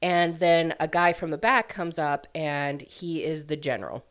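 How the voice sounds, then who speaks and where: A woman's voice: low-pitched, unhurried. A woman casually recapping a book plot as a reviewer, chatty and full of "like" and "um" fillers. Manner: chatty, filler-heavy, lots of "like" and "um".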